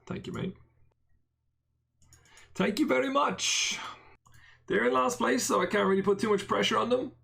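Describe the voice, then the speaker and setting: An Irish man chatting through a poker stream, his voice sitting a little high and catching in a gravelly creak. He talks casually to his chat, joking at his own expense and swearing freely. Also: normal speed, long pauses, a bit bright. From Ireland. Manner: casual banter, self-mocking, swears freely. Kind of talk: live-stream poker commentary, reading chat.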